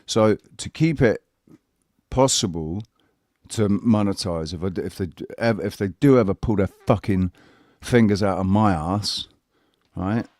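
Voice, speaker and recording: A man's voice: fairly low pitch, unhurried, a little mellow, dry recording, clean studio sound. A man hosting a casual online panel who speaks earnestly and lectures his guest, with many restarts. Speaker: channel host. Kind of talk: casual chat.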